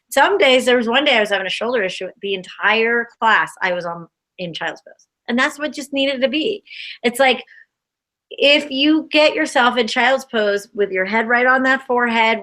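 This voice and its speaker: An animated woman chatting casually about spiritual cards and the coming eclipse. Her voice is bright and crisp, sitting a little high. She laughs easily and acts out little quoted voices. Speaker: co-host reading oracle cards. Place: Boulder area.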